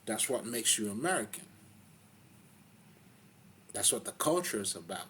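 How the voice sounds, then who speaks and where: A man giving a casual spiritual talk, rambling and profane, full of fillers and loud laughs between points. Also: fairly low pitch, lively intonation, a little slow, slight background noise. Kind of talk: casual spoken monologue.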